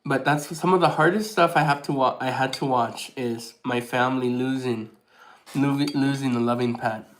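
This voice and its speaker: A man talks straight to his camera in a relaxed vlog, his voice sitting at an everyday middle pitch. He rambles, restarts his sentences and leans on fillers. His tone stays soft and sentimental. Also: normal speed, poor audio. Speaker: vlogger. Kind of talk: casual chat to camera.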